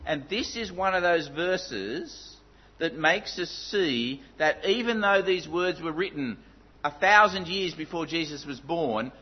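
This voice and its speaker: A man preaching a sermon, emphatic, dropping to low, intense tones for stress. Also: lo-fi sound.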